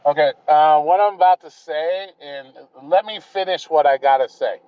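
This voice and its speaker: A man's voice: on the high side, moderate pace, smooth, no echo. A man calling into a live show, criticizing the host in a blunt, profane, confrontational way. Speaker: caller. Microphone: remote call-in. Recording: dull, dry remote call audio.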